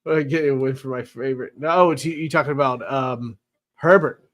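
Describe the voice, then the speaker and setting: A man's voice: medium pitch, steady tone, fast, fairly bright tone. Wry chatty male stream host. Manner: chatty and wry, reading chat comments aloud with teasing sarcasm. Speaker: sports show host. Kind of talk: casual live-stream football recap.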